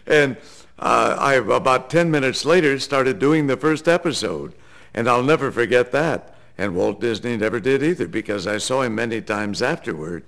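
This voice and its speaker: Animated older man with a gravelly voice. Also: mid-range voice, normal speed. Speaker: cartoon voice actor. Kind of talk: anecdote told to camera.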